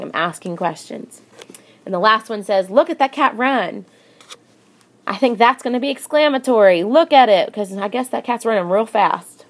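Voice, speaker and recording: A young woman teacher giving a recorded grammar lesson in a chatty way, reading example sentences in lively voices. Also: medium pitch.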